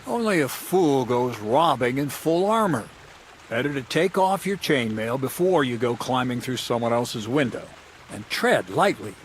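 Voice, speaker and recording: A man's voice: mid-range voice, animated, unhurried, slight background noise, close to an everyday voice. An actor playing a wry, scheming male thief mentor in a video game, giving advice with dry mockery. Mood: instructive. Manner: wry, mocking, conspiratorial. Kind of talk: studio video game dialogue.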